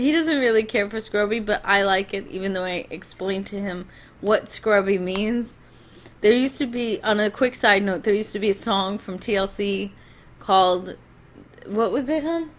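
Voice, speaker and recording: A woman's voice: medium pitch, a little slow. A woman giving a rambling, chatty spoken book review, talking from home with frequent restarts.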